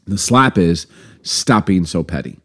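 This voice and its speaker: A man co-hosting a podcast in casual chat, animated and joking, quick to laugh at himself. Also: sits low. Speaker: podcast co-host.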